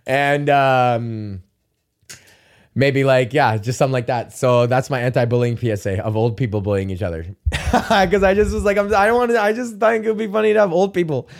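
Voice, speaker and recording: A man's voice: medium pitch, fast talker, gravelly. A young man from Canada hosting his solo podcast, rambling casually, swearing a lot and laughing often. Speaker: podcast host. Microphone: podcast mic with camera recording.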